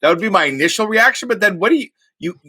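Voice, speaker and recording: Bright, animated man co-hosting a podcast. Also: sits high, fast talker, husky. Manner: playful, exclaiming. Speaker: podcast co-host. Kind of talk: casual chat.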